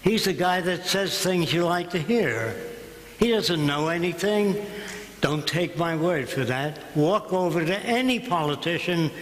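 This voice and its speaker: A man's voice: a little high, lively intonation, a little slow. An older man giving a public lecture in a blunt, combative and sarcastic way. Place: lecture hall. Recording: echoey hall, room noise.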